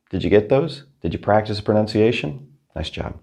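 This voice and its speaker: A man teaching a recorded Spanish lesson, upbeat and encouraging, speaking his Spanish examples slowly and carefully. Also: on the low side, sing-song, gravelly, a little mellow.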